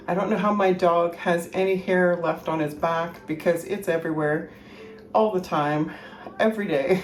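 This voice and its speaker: A woman's voice: on the low side, a little mellow, echoey room, slight background noise. A woman casually chatting while she cooks at home, rambling and thinking aloud, a little out of breath. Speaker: home cooking vlogger. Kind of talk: casual kitchen chat. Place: home kitchen.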